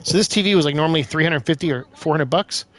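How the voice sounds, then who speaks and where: A man giving casual let's-play commentary, exclaiming loudly as he plays. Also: on the high side, quick pace. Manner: excitable, loud bursts of exclaiming while playing. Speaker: gaming streamer.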